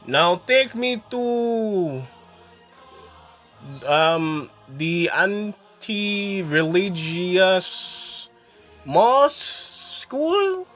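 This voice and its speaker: A man voicing a polite, nervous male teacher newly arrived abroad, speaking in slow, broken, hesitant phrases. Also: on the high side, sing-song, pushed and bright, soft background music, pitched above the performer's own voice, exaggerated voice.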